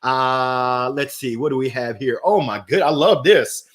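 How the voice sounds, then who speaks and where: A middle-aged man hosting a live motivational stream, reading viewer comments aloud in an upbeat, animated way. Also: mid-range voice, measured pace. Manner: upbeat and animated, swinging from soft to loud. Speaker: host of a weekly motivational livestream.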